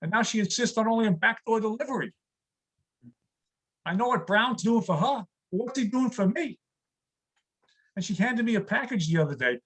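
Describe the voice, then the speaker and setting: A man in his sixties from New York, telling wry, rapid-fire one-liners in a stand-up comedy set on a stage mic. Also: high-pitched, animated, fairly bright tone, breathy edge, rough recording. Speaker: stand-up comic.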